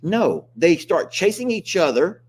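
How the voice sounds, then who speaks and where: A man's voice: high voice, very animated, measured pace, slightly rough. An older man, hosting a casual live-stream chat, joking and complaining animatedly. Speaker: host.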